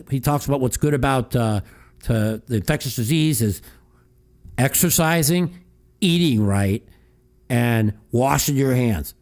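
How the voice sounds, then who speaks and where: A man hosts a casual call-in podcast in a heated, profane style. He rambles, repeats himself and trips over his own starts as he talks. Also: medium pitch. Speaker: podcast host. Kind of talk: casual call-in chat and rant.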